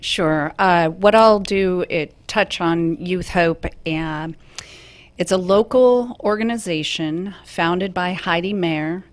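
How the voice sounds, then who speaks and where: A woman who is a guest on a radio talk show, laying out a local charity in a measured, explanatory way. Her voice sits on the low side. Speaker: guest, realtor. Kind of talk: radio interview.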